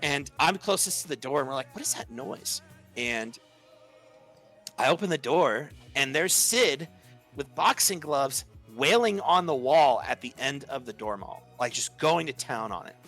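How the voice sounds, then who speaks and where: Young guy, casual podcast storyteller, crisp forward voice with soft music behind; leans on "like" and acts out quotes. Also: mid-range voice, lively intonation, measured pace. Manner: chatty, heavy use of "like", acts out quoted lines.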